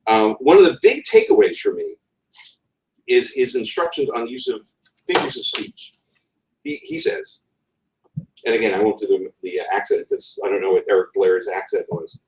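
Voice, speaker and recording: A man's voice: lowish voice, sing-song, moderate pace, darkish tone. Wry New England man in an echoey room. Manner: digressive, wry, with frequent ums and restarts. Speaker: conference speaker. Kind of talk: conference talk on writing. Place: conference session room. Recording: roomy room, voice from far off.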